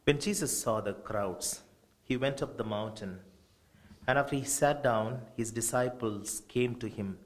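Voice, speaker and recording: A man, a priest, leading a funeral service with slow, measured liturgical prayers and readings. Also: mid-range voice.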